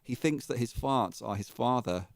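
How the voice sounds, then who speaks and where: A man's voice: medium pitch, normal speed, no echo, clean studio sound. A middle-aged man, a guitarist guest, talking in a casual, enthusiastic, rambling way with jokes. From England. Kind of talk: casual interview chat.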